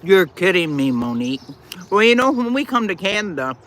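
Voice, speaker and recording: A woman's voice: lowish voice, very animated, moderate pace, fairly bright tone, slight background noise. An older woman hosting a live stream, chatting casually with viewers in a blunt, folksy way while she eats.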